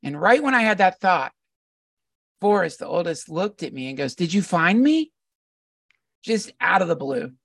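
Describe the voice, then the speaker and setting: A man's voice: fairly high pitch, animated, normal speed, creaky, fairly bright tone, no echo, studio quality, distant mic. A middle-aged man, a podcast guest, talking casually in a reflective, meandering storytelling way. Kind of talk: casual conversation.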